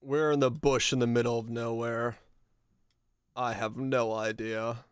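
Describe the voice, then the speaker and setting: A male streamer chats loosely while puzzling over where he is, thinking out loud and swearing now and then. His voice is smooth and resonant at a middle pitch. The sound is dry and close, with no room around it. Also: flat delivery, a little slow, dry recording. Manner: laid-back, musing aloud, laughing often, swearing. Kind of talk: casual live-stream chat while playing a geography game.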